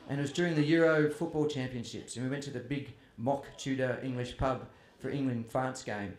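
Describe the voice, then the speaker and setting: A man's voice: mid-range voice, brisk. Chatty man telling funny family stories. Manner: chatty, self-deprecating, quotes his father. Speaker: author speaking at a festival. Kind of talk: humorous storytelling to a live audience. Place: festival tent or hall with audience. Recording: roomy hall with faint ambience.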